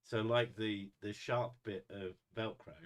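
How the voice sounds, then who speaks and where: A man's voice: on the low side, fairly even intonation, unhurried, a little hiss or hum. A man reading chat aloud on a casual livestream, laughing often and swearing freely. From United Kingdom.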